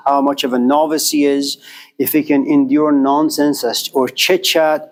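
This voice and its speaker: Male lecturer, fairly high voice, measured delivery with rhetorical questions. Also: poor audio. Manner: deliberate, asks rhetorical questions and answers them. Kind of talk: classroom lecture.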